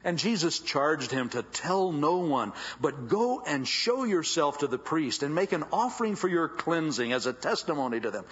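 A man preaching a sermon as a dramatic, animated storyteller with folksy asides, in a dull lo-fi recording. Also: a little high, husky.

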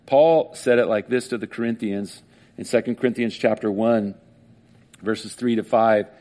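With a lowish voice and a moderate pace, a pastor preaches, telling a story with emotion. He brings it to life animatedly, voicing the people in it himself.

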